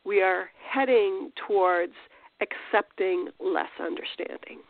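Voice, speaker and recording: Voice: medium pitch, slow, creaky, dry recording. A Christian teacher giving an informal spiritual talk, conversational, with restarts and rhetorical questions. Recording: tinny phone-like dry sound.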